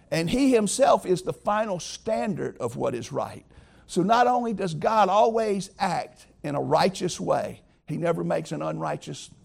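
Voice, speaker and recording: A man's voice: a little high, gravelly. A man preaching a sermon as pastor, earnest and emphatic, talking straight to his listeners.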